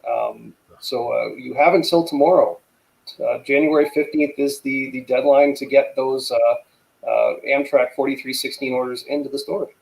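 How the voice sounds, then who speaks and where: A man's voice: medium pitch, steady tone, normal speed, vocal fry, darkish tone, low-quality recording. A male guest in a casual live-stream chat, easygoing and hesitant, often chiming in to agree.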